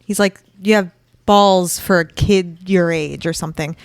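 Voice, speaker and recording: A woman's voice: lowish voice, steady tone, moderate pace, no echo. A woman co-hosting a podcast, making wry, teasing asides in casual chat about a TV show. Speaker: podcast co-host.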